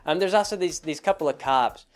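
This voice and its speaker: A man's voice: on the high side, brisk, smooth. A man hosting a casual spoken commentary, rambling along with many fillers and restarts. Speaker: host.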